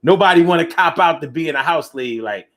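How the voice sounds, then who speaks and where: A man with a fairly high voice hosts a call-in show and reads out what his viewers write. He talks loose and slangy and gets preachy, circling back over the same lines to hammer a point home. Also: fairly quick. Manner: animated, preachy, repeats phrases for emphasis; loose, slangy speech with many restarts. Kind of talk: live call-in talk show, reading viewer comments.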